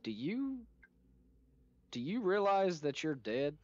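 A man playing a tabletop game, deliberate and wry. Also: a little high, sing-song, no room sound. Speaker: player. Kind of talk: tabletop role-play. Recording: dull lo-fi mic.

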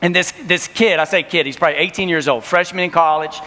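A man in his thirties giving an energetic youth camp sermon, telling stories and acting out voices. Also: a little high, fast. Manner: storytelling, acts out voices, laughing. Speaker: camp speaker. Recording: reverberant hall.

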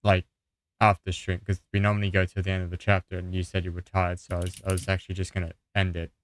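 Male streamer, low voice, smooth and clear, casual live-stream chat. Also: completely flat delivery, quick pace, no room sound.

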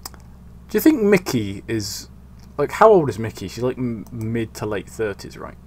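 A man's voice: mid-range voice, big pitch swings, unhurried. A young man hosting a casual game commentary, chiming in with skeptical, wry remarks. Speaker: channel host.

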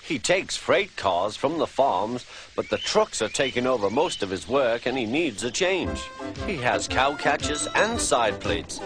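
A man doing a brisk, commanding railway boss. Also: mid-range voice, sing-song, voice pushed up. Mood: delighted. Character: bustling, authoritative railway boss, older man. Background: music.

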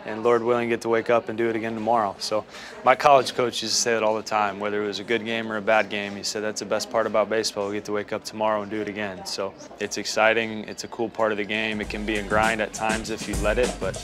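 A man's voice: lowish voice, monotone, over music. A young man from Western Massachusetts, a baseball player chatting casually over breakfast in a restaurant, easygoing and agreeable. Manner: easygoing, agreeable, quick to say yeah. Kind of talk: casual chat.

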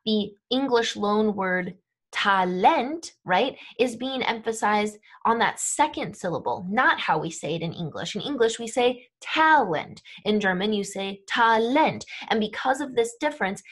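A woman teaching a grammar lesson, explaining each step clearly and methodically. Her pitch sits in the middle of the range. She keeps checking that learners follow with a quick "okay?" or "right?". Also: expressive. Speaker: language teacher.

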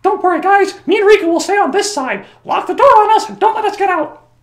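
Mickey, squeaky cartoon mouse king done by a man. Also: animated, fast talker, fairly bright tone, exaggerated voice. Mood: cheerful. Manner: squeaky falsetto, eager. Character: cheerful high-voiced cartoon mouse king. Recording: roomy echo.

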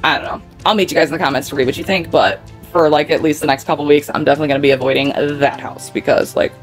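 A woman's voice: sits low, steady tone, racing, faint music behind. A woman with a heated, rambling manner, full of "like" and swearing, casually telling a personal story to her viewers. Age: adult parent of a nine-year-old.

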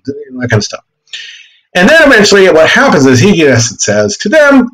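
A man teaching history in a casual, animated classroom lecture, explaining with quick asides and voiced bits. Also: mid-range voice, low-quality recording.

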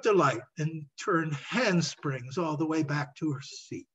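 A man reads his own storybook aloud at a slow, measured pace, his voice husky and slightly high. The recording is dull and lo-fi. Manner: measured, expressive reading. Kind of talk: storybook read-aloud narration.

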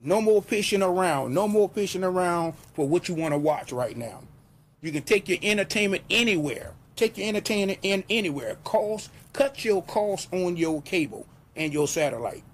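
A man hosting his own show, pushing a TV subscription in a hyped, repetitive live sales pitch. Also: expressive, moderate pace. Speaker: host pitching a TV service.

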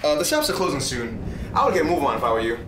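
A man playing a cheeky, rambling flatmate. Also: medium pitch, very fast, background noise, lightly acted. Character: mooching, chatty young male flatmate. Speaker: actor. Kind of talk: short film acting. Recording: roomy sound with music behind.

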